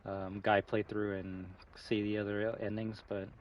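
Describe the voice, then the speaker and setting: A man's voice: on the low side, little pitch movement, a little slow, a little hiss or hum. Swearing, rambling male game streamer. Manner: rambling, swearing, frequent fillers and restarts. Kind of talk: casual live-stream commentary. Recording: slightly muffled with faint music.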